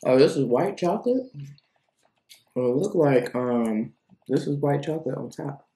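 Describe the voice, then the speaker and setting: A woman's voice: low voice, lively intonation, moderate pace, creaky, dark tone, reverberant. A woman reviewing cookies in a casual food vlog, chatty and rambling, thinking aloud between bites.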